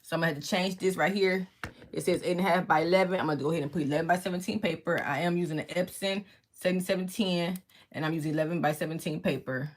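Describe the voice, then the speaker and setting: A woman with a low, deep speaking voice runs a casual crafting tutorial from her home workspace. She talks fast and keeps checking in with the viewer as she goes. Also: fairly even intonation, slight background noise. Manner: fast-talking, checks in with "okay?" often. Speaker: crafting instructor. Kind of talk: casual screen-share tutorial.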